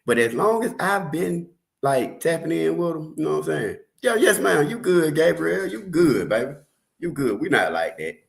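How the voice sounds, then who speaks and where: A man's voice: a little high, very animated, moderate pace, creaky. A man hosting a casual reaction livestream, chatting loosely with viewers in easy slang. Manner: loose slangy banter, calls viewers baby and shawty. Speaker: livestream host.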